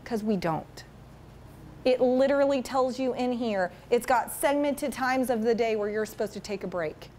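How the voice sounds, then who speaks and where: Woman presenter, higher voice, chatty and animated, quizzes the audience, slight background noise. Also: moderate pace. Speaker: school parent education presenter. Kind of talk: casual presentation to parents. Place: meeting room with an audience.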